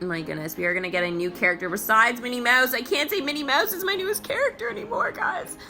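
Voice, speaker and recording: A woman hosting a mobile game video, giving bubbly, excitable, chatty gameplay commentary. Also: on the high side, fast, faint music behind.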